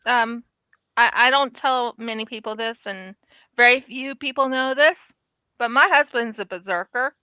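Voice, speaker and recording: A woman's voice: on the high side, normal speed, sharp tone, clear, resonant tone, no room sound. A woman in casual chat, agreeable and chatty, telling short personal stories. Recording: dull lo-fi dry recording.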